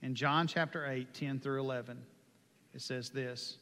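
A man preaching a sermon with passion, moving from hushed lines to loud ones. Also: mid-range voice, steady tone, a little slow. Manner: impassioned, swings from hushed to loud. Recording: long hall reverb.

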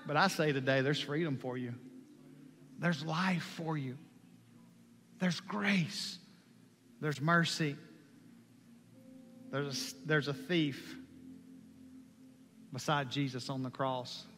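A man preaching a sermon with passion, moving from hushed lines to loud ones. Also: a little high, takes it slowly, pauses often, a little hiss or hum. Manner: impassioned, swings from hushed to loud. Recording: long hall reverb.

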